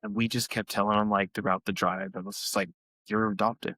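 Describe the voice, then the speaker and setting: A man's voice: level tone, a little fast, pushed and bright, no echo, rough recording. A young man co-hosting a podcast, telling family stories in casual chat and acting out quoted lines. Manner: storytelling, acts out quotes in high voices. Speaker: podcast co-host.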